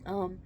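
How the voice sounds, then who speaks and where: A woman's voice: mid-range voice, a little hiss or hum. Chatty young woman telling a story. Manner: chatty, many "um" and "like" fillers. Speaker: mom vlogger. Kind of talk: casual storytelling to camera.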